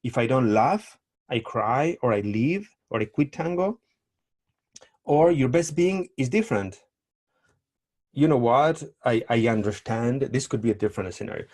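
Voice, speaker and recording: Animated man giving tango advice. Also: mid-range voice, normal speed. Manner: animated, acts out quoted lines with playful voices. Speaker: tango teacher. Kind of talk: casual advice talk.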